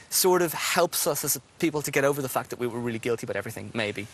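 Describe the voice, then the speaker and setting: A man's voice: mid-range voice, lively intonation, racing, fairly bright tone, slightly rough. A man interviewed for a documentary, speaking in a self-mocking way.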